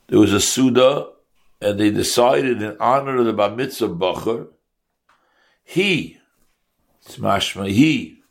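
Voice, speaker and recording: A man teaching a Torah class to his congregation, asking rhetorical questions and mixing in Hebrew and Yiddish terms. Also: on the low side.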